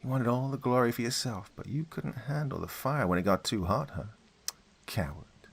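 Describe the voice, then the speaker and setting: A scornful young girl taunts and accuses, as a male narrator puts her on. The voice rises high and sneering, with a husky grain. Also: normal speed.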